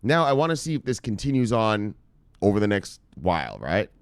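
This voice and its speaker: Male host for casual market commentary: low-pitched, dry close mic, loose and profane. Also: brisk, clean tone, no room sound. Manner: profane, excitable, laughs often. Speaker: crypto news show host.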